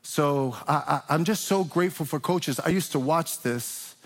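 A man preaching to a large congregation, his slightly high voice pushing hard on each point and climbing into urgent questions. The sound carries a long reverb from the big church hall around him. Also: moderate pace. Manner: impassioned preaching with rising emphatic questions. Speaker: pastor. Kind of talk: sermon.

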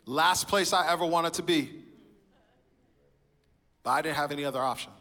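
Standing in a church, a man shares his personal testimony sermon-style, telling it with animation and slipping into the voices of the people he quotes. His bright, forward voice is a little high, at normal speed, and rings with a large hall's long reverb.

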